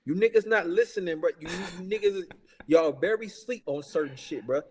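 A man's voice: sits high, normal speed, slightly rough, in a large hall. A man ranting in a heated, casual podcast chat. He is profane and emphatic, repeats himself and keeps saying "bruh". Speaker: podcast talker.

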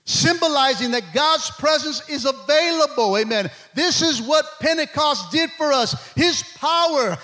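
A middle-aged man preaching a sermon, repeating words and calling out, sometimes shouting and sometimes dropping to a low murmur. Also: lively intonation, measured pace, hardly any pauses. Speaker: pastor.

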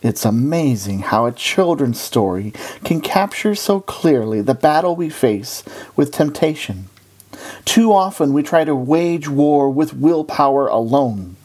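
A preacher delivering a sermon in a conversational, storytelling manner. The pitch moves a lot, which keeps the delivery lively. The voice sits at a middle pitch. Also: unhurried.

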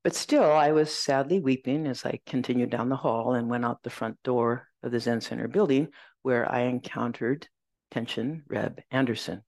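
A woman Zen teacher giving a dharma talk, reflective and gentle, telling a personal story and reciting verses slowly. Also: rumbling low, no room sound.

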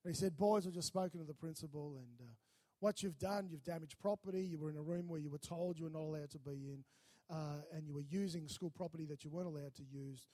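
A man preaching a sermon, telling a lively story and acting out the voices in it. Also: fairly high pitch, quick pace. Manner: animated, acts out voices in his stories. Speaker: pastor.

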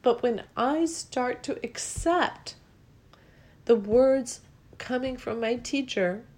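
With a fairly high, slightly mellow voice and a slow pace, this woman speaks reflectively about listening to the body. Her earnest, repetitive talk swells with feeling and at moments verges on tears.

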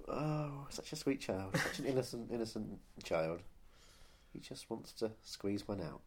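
A man's voice: lowish voice, breathy edge. A man co-hosting a podcast, chatting casually about films with crude jokes. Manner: joking, riffing, crude. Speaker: podcast co-host. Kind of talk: casual film chat.

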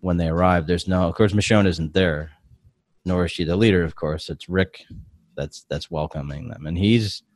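Man, podcast host, very low voice, rambling casual chat, dry close sound. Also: normal speed, darkish tone, dry recording. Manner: rambling, hesitant recap with many fillers.

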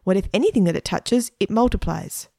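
A woman voicing a timid young boy who frets anxiously about the dark. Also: mid-range voice, brisk, vocal fry, no room sound, clean studio sound. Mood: fearful. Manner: anxious and fretful.

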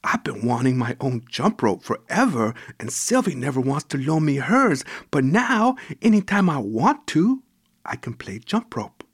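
A man voicing an eager, sensitive young boy with a high, earnest, breathless delivery. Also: very animated, unhurried, slightly rough, no echo, clean studio sound, heavily acted. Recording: music playing behind the voice.

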